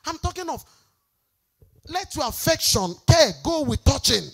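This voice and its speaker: Lively woman pastor preaching. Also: high voice, measured pace. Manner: emphatic, exhorting preacher. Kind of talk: sermon.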